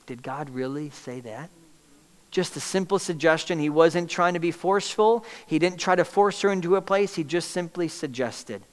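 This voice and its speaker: A man's voice: sits high, moderate pace, few pauses. Man, pastor, sermon, asks the crowd to fill in words, resonant voice, echoing hall. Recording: long reverb in a large hall.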